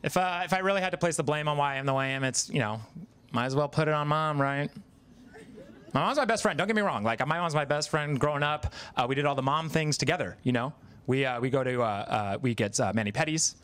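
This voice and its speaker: A man's voice: a little high, fast, a bit bright, clear, resonant tone. A man in his thirties doing a stand-up comedy set on stage, conversational and self-deprecating, with lots of fillers. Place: live comedy stage, in front of an audience.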